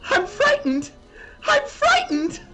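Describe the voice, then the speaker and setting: High squeaky scared camper kid, whiny and jittery, voice swinging all over. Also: male voice, huge pitch swings, slow, sharp tone, heavily acted. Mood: frightened. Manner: whiny, fearful. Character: timid jittery young camper boy.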